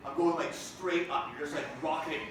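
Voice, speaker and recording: A man tells a comic story on stage in an animated, jokey way, acting out his own reactions. His voice is fairly high. The sound is distant and very echoey, with audience noise clearly audible. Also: fairly quick. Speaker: comedian performing a one-man show. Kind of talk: stand-up storytelling. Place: theater stage.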